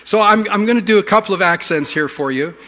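A man's voice: high-pitched, fast talker, big-room sound. A middle-aged Canadian man preaching a sermon in a church, telling funny stories. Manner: humorous storytelling, lively. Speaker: pastor.

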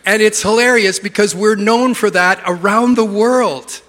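A man's voice: high-pitched, measured pace, long reverb tail. A middle-aged Canadian man preaching a sermon in a church, telling funny stories. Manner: humorous storytelling, lively. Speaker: pastor.

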